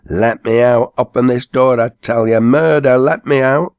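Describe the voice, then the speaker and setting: A man voicing a panicked, drunk old besom maker in Lancashire dialect, shouting to be let out. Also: medium pitch, normal speed, clear, resonant tone, dry recording, voice pushed up, close to an everyday voice. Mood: terrified yelling.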